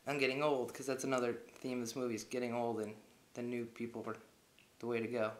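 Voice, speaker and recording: A man's voice: mid-range voice, little pitch movement, fast, darkish tone. A young man casually recapping a movie plot, rambling and full of filler words. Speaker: movie reviewer. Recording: echoey room.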